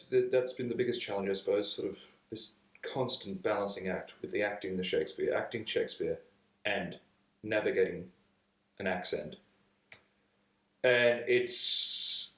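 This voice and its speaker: An Australian actor reflecting hesitantly on his work, searching for words as he talks. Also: lowish voice. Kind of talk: reflective interview. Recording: roomy, distant camera mic.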